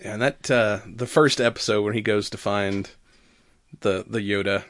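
A man's voice: lowish voice, moderate pace, no echo. Man, casual podcast chat, laughs a lot, dry close sound. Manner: animated, laughs often, acts out quotes. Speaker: podcast co-host.

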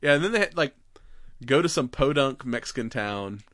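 A man with a bright, forceful voice chats through a movie plot for a podcast. He tells it casually and animatedly, often slipping into the characters' lines and laughing. The sound is dry and close. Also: mid-range voice, expressive, normal speed, no room sound. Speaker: podcast co-host. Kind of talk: casual movie recap chat.

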